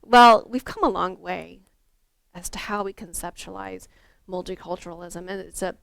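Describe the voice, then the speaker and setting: A woman's voice: fairly low pitch, normal speed, gravelly, fairly bright tone, dry recording. A woman, a former school counselor, leading a teacher workshop in a conversational, storytelling way with fillers and restarts.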